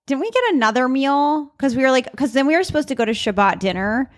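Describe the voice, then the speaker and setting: A woman's voice: high voice, animated, fast. A woman comedian guesting on a podcast, chatty and chiming in with her own side of the stories. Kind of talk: casual chat.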